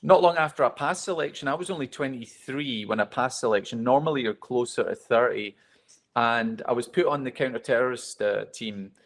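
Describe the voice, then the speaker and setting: A man speaking from a stage, telling his stories in a candid, self-deprecating way. His voice sits at an ordinary middle pitch for a man, and he talks as if to a room full of listeners. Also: brisk, fairly bright tone. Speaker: keynote speaker. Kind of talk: motivational talk to a live audience.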